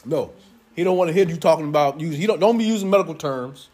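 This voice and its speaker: Young guy preaching, loud and jokey, high voice, bit husky. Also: animated, fast. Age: young adult. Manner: loud and playful, joking with the congregation. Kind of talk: lively sermon to a congregation.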